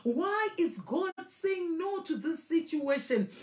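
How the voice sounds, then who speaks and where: A woman's voice: extremely high pitch, animated, takes it slowly, a little mellow. A woman preaching a sermon with fervour, repeating key phrases for emphasis. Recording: echoey room.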